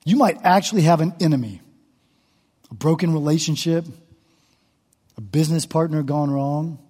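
A male pastor with a high, husky voice preaches with passion and pours feeling into the psalmist's cries. His tone is mellow, and a long reverb trails each phrase through the church sanctuary. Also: normal speed. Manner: impassioned, dramatically voicing the psalmist's laments. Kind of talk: sermon.

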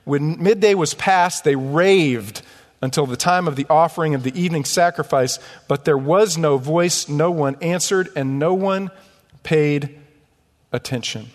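Lively preaching man in a church hall. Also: fairly high pitch, measured pace. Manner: animated, mocking asides and rhetorical questions. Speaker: pastor. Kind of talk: sermon. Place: church sanctuary.

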